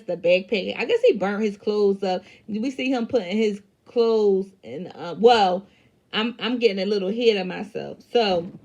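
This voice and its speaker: A woman's voice: mid-range voice, darkish tone. A woman recapping a TV episode in casual, emphatic talk, swearing freely and using many fillers. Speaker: TV show reviewer.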